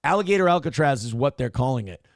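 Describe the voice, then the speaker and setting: Gravelly sarcastic man ranting. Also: medium pitch, expressive, fast talker, no room sound, studio quality. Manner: sarcastic, ranting, swears freely. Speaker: show host reacting to clips. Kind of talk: profane mocking commentary.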